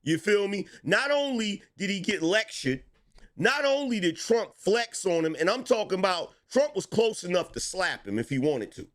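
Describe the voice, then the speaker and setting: Speaking at a normal speed in a voice that sits high, a middle-aged man riffs on politics in lively street slang and chuckles between remarks.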